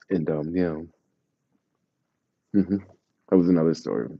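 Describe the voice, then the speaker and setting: A man casually telling his travel stories to a live chat, slangy and animated, acting out the people he quotes. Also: low voice, measured pace, gravelly, long pauses, dry recording, muffled recording. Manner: animated, acts out quoted voices, laughs, slangy.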